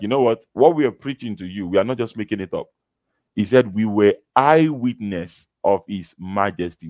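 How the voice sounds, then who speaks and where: A man preaching a sermon, reading Bible verses slowly and with emphasis, then explaining them. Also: fairly low pitch, a little mellow, no echo. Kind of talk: sermon teaching from scripture.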